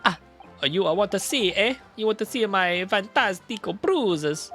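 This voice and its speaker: A man's voice: high voice, expressive, measured pace, sharp tone, faint music behind, heavily acted. A man voicing a flamboyant, nervous Italian man with an exaggerated put-on Italian accent, reading game dialogue aloud. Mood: theatrical. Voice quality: exaggerated singsong delivery.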